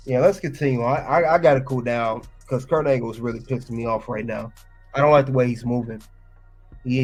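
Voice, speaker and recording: A man's voice: medium pitch, darkish tone. A man giving casual reaction commentary, emphatic and ranting, often repeating his points.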